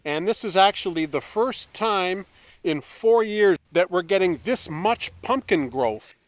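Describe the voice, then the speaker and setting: Slow-talking man narrating his farm. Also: expressive. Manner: talks fondly to his cats in a high coaxing voice. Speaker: farm vlogger. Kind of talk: casual farm vlog narration. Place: outdoors on a farm.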